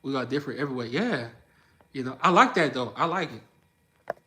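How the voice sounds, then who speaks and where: With slight noise in the background, a young man on a livestream talks in a relaxed way, fielding comments and telling stories full of energy and frequent laughs. His accent is New Orleans Southern, his pitch medium, his speed normal.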